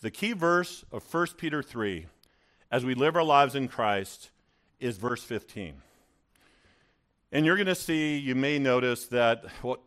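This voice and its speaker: A male pastor preaching a sermon in a church, telling personal stories in an animated way with stammering restarts. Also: mid-range voice.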